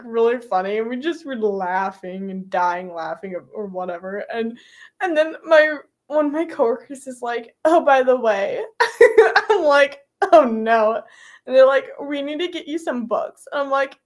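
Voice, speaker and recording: A woman's voice: a little high, moderate pace. A young woman streaming live, chatting casually with her viewers, giggly and full of fillers.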